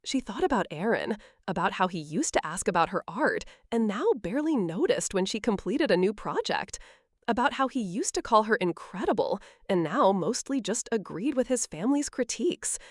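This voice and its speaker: Expressive woman narrating a story. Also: medium pitch, moderate pace, no echo, clean studio sound. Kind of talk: scripted narration.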